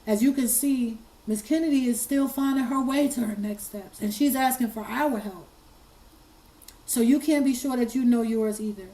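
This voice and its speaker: A woman hosting an online commentary, speaking earnestly while hoarse and fighting back tears, often repeating her words. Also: on the high side, normal speed, warm tone, poor audio. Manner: earnest, choked up, repeats herself. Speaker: commentary channel host. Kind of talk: emotional commentary.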